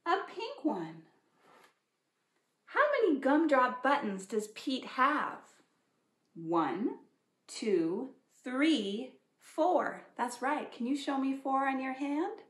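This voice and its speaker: A woman librarian reading aloud at a preschool storytime, animated, gently asking children questions. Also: a little high. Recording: echoey room.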